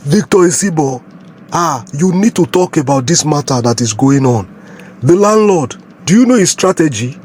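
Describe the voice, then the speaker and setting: A man explaining a scheme in an earnest, steady way. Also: fairly high pitch, moderate pace, a little hiss or hum. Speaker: skit presenter. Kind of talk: explaining to a commentator.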